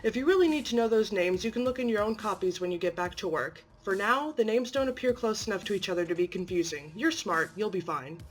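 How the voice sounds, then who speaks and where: A woman narrating from a script in a clear, matter-of-fact way. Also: mid-range voice, fast, hardly any pauses, soft background music.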